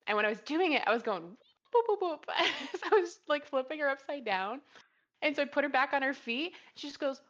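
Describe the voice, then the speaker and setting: Young woman, co-host, bright voice, lively storyteller, slightly muffled recording. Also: sits high, brisk. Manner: animated storyteller acting out quotes. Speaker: podcast co-host. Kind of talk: casual chat.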